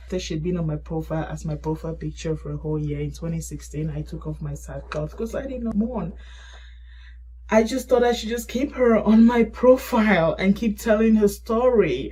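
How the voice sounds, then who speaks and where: A middle-aged woman telling her grief story in a halting, emotional way and reading an old message aloud. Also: medium pitch, slightly rough, low-quality recording. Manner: halting, emotional, soft-spoken. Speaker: grief support vlogger.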